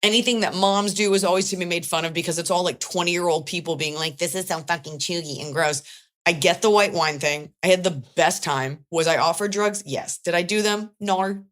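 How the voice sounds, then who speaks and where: A woman with a notably low voice hosts a casual podcast. She tells stories in a wry, chatty way, with plenty of swearing and comic asides. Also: fairly quick, hardly any pauses. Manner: chatty, wry, profane storytelling. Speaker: podcast host and stand-up comedian. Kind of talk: casual comedic chat.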